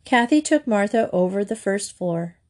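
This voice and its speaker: A woman reading a children's book aloud in a steady, gentle storytelling manner. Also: mid-range voice, normal speed. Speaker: reader.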